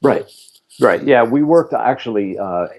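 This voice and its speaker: A man in his fifties, a former roadie and bass player, telling relaxed stories as an interview guest. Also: a little slow, a little hiss or hum. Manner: relaxed anecdotal telling, laughs between stories. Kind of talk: casual interview storytelling.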